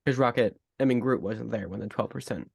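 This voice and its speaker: A man co-hosting a podcast, chiming in with short agreements and quick jokes. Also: medium pitch, gravelly, slightly rough, no echo, clean studio sound. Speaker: podcast co-host. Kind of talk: casual podcast chat.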